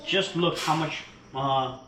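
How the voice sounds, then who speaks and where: A man's voice: fairly high pitch, steady tone, slow. Chatty man in an echoey kitchen. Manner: chatty, informal, explains step by step. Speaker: dog owner and trainer. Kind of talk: casual home cooking vlog. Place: home kitchen. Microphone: camera held by a helper. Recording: echoey room with background noise.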